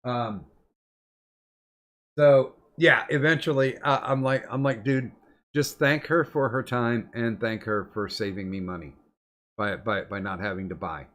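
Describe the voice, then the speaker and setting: A man's voice: medium pitch, fairly bright tone. A middle-aged man hosting a podcast, telling long rambling stories in casual chat, swearing often. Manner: profane, rambling storyteller. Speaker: podcast host.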